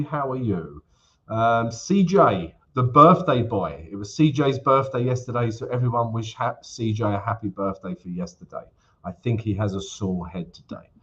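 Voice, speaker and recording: Male stream host, relaxed chat full of fillers, mid pitch, muffled webcam-mic sound. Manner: chatty, many fillers, addresses viewers as guys. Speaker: forex trading livestream host. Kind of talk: casual live-stream chat. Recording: slightly dull lo-fi stream audio.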